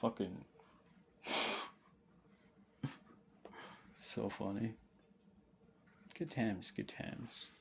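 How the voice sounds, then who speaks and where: A man's voice: on the low side, steady tone, drawn-out words, vocal fry, long pauses, fairly bright tone, slight background noise. A young man telling a rambling, profane story on a late-night livestream, laughing often and sounding intoxicated. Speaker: streamer.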